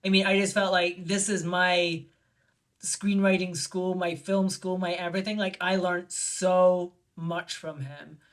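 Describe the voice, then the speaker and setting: A woman filmmaker telling an anecdote in an interview, animated and acting out the voices of the people she quotes. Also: measured pace. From lived in Barcelona. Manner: animated, acts out quoted voices with big pitch jumps. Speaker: guest filmmaker. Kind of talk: storytelling in an interview.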